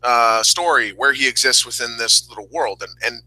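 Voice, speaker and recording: A man's voice: medium pitch, normal speed, bright, forceful tone, no echo, low-quality recording. A man co-hosting a casual wrestling review podcast, rambling and candid, sometimes emotional. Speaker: podcast co-host.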